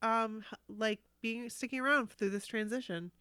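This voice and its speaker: Woman host, casual chat sign-off, smooth, dry sound. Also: on the high side, fairly even intonation, moderate pace, sharp tone, dry recording. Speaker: podcast host.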